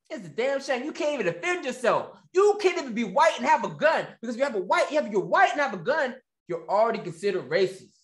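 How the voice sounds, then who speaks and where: A man's voice: extremely high pitch, roomy sound. A man hosting a ranting commentary, repeating himself and mocking his subjects. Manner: animated, repetitive, mocking. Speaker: commentary host.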